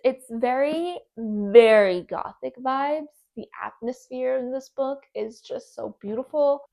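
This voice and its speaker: Higher-voiced enthusiastic book vlogger, woman, gravelly fry, gushes on and on. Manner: gushing, enthusiastic, repeats herself. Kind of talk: casual book recommendations.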